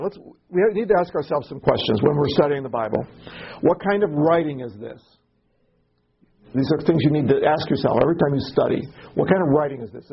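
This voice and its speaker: A man teaching a study group with a gravelly, very husky voice, talking haltingly and often repeating himself. He poses rhetorical questions to his listeners. The recording is dull and lo-fi. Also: medium pitch. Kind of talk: casual classroom teaching.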